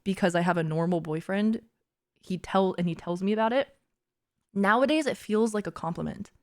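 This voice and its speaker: A woman's voice: mid-range voice, normal speed, darkish tone. A young woman livestreamer chatting casually and frankly, laughing often and saying "like" a lot. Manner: frank and giggly, peppered with "like". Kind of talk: casual chat.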